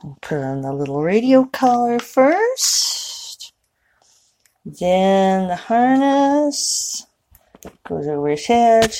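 A woman casually chatting in a morning vlog, talking to her cat in a high coaxing voice. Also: creaky, warm tone, slight background noise. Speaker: vlogger. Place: at home and outdoors. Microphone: clip-on microphone.

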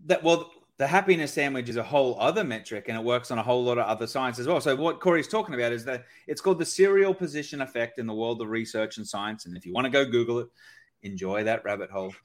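A man's voice: mid-range voice, fast. A man talking as a guest expert on a podcast, explaining with lots of energy and often asking "right?". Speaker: guest expert on sales calls. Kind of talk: podcast conversation.

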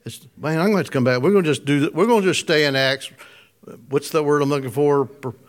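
A man's voice: fairly high pitch, quick pace. A man preaching a casual, conversational sermon, chuckling often and putting questions to his listeners. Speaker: pastor.

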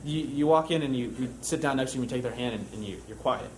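A man's voice: mid-range voice, fairly quick, long pauses, a little mellow, slight background noise. A young man preaching a sermon in a conversational way, telling a camp story with frequent fillers and restarts. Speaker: camp counselor giving a church talk.

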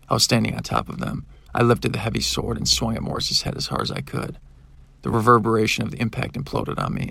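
A man narrating a first-person audiobook with a husky, gravelly voice, acting out the characters and their shouted outbursts. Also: on the low side, no echo.

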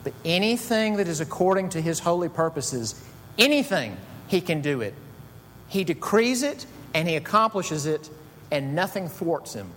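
A man's voice: lively intonation, normal speed, a bit bright, a little hiss or hum. Emphatic preacher man in a reverberant hall. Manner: emphatic, rising to high bursts on key words. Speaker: pastor. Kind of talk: sermon.

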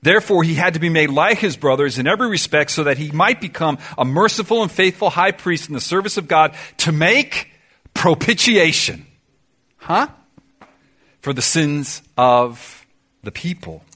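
Middle aged guy preaching in church, bright kinda high voice, gets loud then goes real soft. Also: animated, moderate pace. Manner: emphatic preacher, swings from loud to soft and confiding; sings song lyrics in snatches. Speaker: pastor. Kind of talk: sermon.

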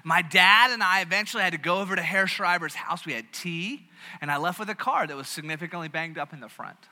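A man's voice: sits high, fast. A man from the American South preaching a sermon, telling stories with animation and frequent restarts. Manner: animated storytelling with many restarts. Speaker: pastor. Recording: long reverb of a large hall.

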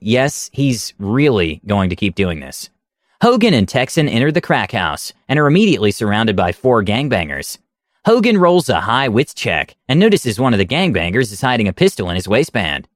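A man reads a story aloud with animated, wide-ranging pitch, dropping wry, deadpan asides. His mid-pitched voice is close and dry, with no room sound and no echo.

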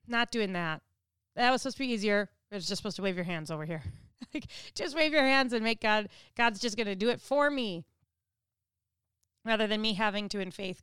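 A woman's voice: medium pitch, clean tone, no echo, clean studio sound. A woman giving a conversational devotional teaching who asks listeners direct questions. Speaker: devotional speaker.

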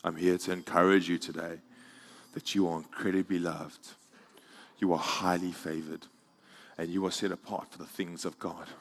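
A man preaching a sermon in a church, moving from quiet, intimate passages to loud, soaring climaxes. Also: low voice, little pitch movement, moderate pace. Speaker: pastor.

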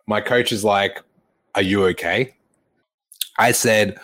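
Lively young man telling a story. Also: lowish voice, unhurried, pauses often. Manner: animated retelling, acts out quoted dialogue, laughs often. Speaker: fitness coach. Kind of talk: casual storytelling.

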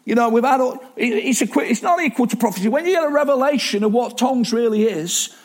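A man's voice: extremely high pitch, fast. A man preaching a sermon in a chatty, self-deprecating way, with asides and restarts.

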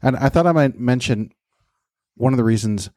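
A man in his fifties co-hosts a podcast, speaking reflectively in a casual conversation and restarting his sentences often. His mid-range voice has a darkish tone at normal speed, captured as clean studio sound with no echo.

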